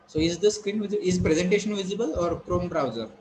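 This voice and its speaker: A man teaching online, explaining slowly with frequent fillers and repetition. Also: sits high, darkish tone, low-quality recording. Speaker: English teacher. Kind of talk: online lecture to students.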